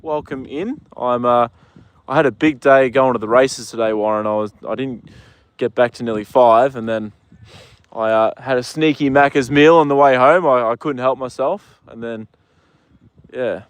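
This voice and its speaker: A man's voice: medium pitch, normal speed, clean tone, no room sound. An Australian man hosting a casual live stream outdoors at a horse paddock, chatting easily to his horse and his viewers. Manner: easygoing, chats to his horse and reads viewer comments. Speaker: livestream host.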